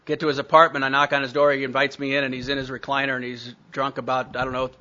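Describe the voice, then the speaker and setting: Guy telling his recovery story, blunt and jokey, bright edgy voice, dull lo-fi sound. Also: mid-range voice, level tone, fast talker. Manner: blunt, storytelling, self-mocking humor. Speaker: speaker sharing recovery story. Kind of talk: recovery meeting talk.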